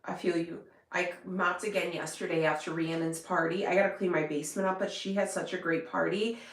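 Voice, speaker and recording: A woman's voice: on the low side, steady tone, a little fast. A woman vlogger chatting casually to her viewers, rambling with lots of fillers and restarts. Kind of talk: casual chat to camera. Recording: echoey room.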